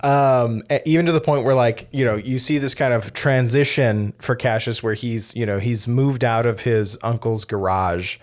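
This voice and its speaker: Man, podcast co-host, casual film talk, conversational, medium pitch. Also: normal speed, hardly any pauses. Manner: chatty, many fillers and tag questions.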